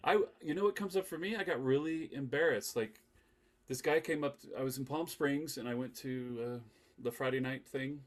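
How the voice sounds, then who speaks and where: A man hosting a podcast in a casual group chat, playful and quick to laugh, putting questions to the group. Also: medium pitch. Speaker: podcast host.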